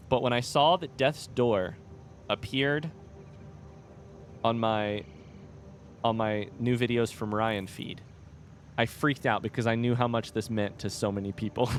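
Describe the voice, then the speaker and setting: A man's voice: mid-range voice, unhurried, pauses often, a little hiss or hum. A man streaming a game from home, chatting with his viewers and reading out their comments. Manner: chatty, reads out viewer comments, coos at a baby. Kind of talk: casual live-stream chat. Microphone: desk microphone.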